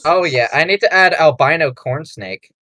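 A young man hosting a podcast, rambling and excitable in crude casual banter, laughing often. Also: a little high, normal speed, no room sound. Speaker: podcast host.

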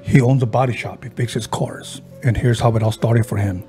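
A man hosting a podcast, casually retelling a ghost story he heard and slipping into the voices of the people in it, with halting restarts. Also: medium pitch, steady tone, warm tone, faint music behind. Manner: halting, with frequent restarts and fillers. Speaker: podcast host.

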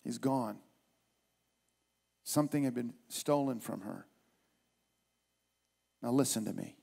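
A man's voice: mid-range voice, slow, gravelly, dark tone. A male pastor preaching a sermon at a church service in an emphatic, repetitive way.

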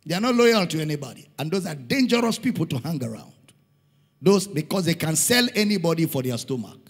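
Emphatic Nigerian pastor, high voice, hall echo. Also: male voice, big pitch swings, a little fast, husky. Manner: emphatic preaching, repeating lines for stress. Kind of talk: sermon. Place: church hall. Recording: long hall reverb.

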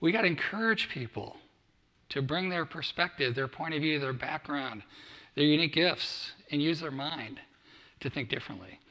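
A man's voice: a little high, expressive, moderate pace, sharp tone. A middle-aged man giving a motivational speech to student athletes, telling stories and acting out quoted dialogue. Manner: storytelling, acts out quoted dialogue. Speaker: keynote speaker. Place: large hall at a summit. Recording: echoey hall.

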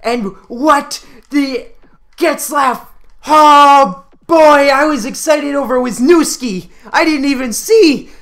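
A young man, giving excitable pack-opening commentary over a hockey video game. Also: very high-pitched, takes it slowly. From Canada. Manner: excitable, yelps and laughs at pulls. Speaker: gaming video creator.

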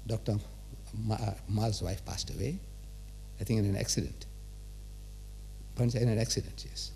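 A man's voice: lowish voice, fairly even intonation, normal speed, gravelly, darkish tone, slight background noise. A man giving a religious lecture to a live audience in a large auditorium, full of rhetorical questions and teasing. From South Africa. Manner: rhetorical, quizzes and teases the audience.

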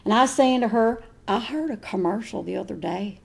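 A woman's voice: medium pitch, fairly quick, vocal fry, a little mellow, breathy edge. A woman voicing a chatty, gossipy trailer-park woman who rambles ungrammatically.

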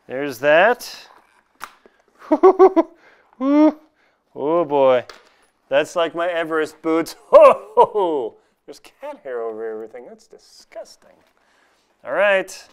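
This home unboxing vlogger talks through his gear in a relaxed, chatty way, poking fun at himself and laughing at his own jokes. He speaks at an unhurried pace with a medium-pitched, smooth voice and lively intonation.

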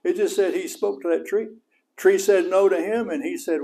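Folksy West Texas preacher, higher voice. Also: male voice, normal speed, vocal fry. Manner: folksy and animated, voice rising high for emphasis. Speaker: pastor. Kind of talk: sermon.

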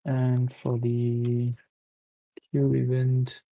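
A man's voice: medium pitch, completely flat delivery, very slow, creaky, no room sound, highs cut off. A man playing a board game, thinking aloud and explaining the rules to his opponent. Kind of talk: casual board game chat.

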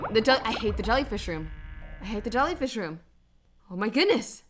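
A woman's voice: fairly high pitch, sing-song, brisk. A young woman streaming a video game, chatting to her viewers in casual gameplay commentary full of exclamations. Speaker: gaming streamer. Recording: music playing behind.

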